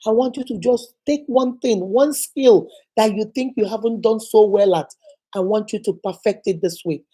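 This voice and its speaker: A woman's voice: medium pitch, normal speed, mellow, slightly rough. A woman hosting an inspirational channel, giving an emphatic, repetitive, preacher-like motivational talk and acting out quoted speech.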